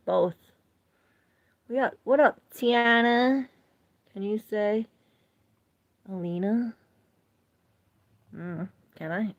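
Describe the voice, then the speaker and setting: A woman's voice: mid-range voice, slow, vocal fry, long pauses, phone-quality sound. A woman giving a live tarot reading, chatting with viewers, reading their comments aloud and laughing often. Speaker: tarot reader.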